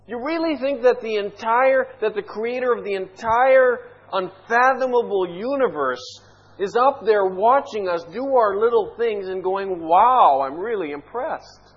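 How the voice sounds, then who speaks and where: A man's voice: extremely high pitch, measured pace, dull audio. A male pastor preaching an impassioned sermon, full of rhetorical questions.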